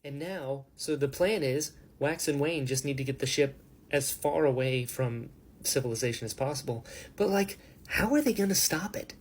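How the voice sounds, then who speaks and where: Excited man recapping a book. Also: medium pitch, breathy edge. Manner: excited, swears casually, quotes characters in quick voices. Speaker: book reviewer. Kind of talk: casual book reaction recap.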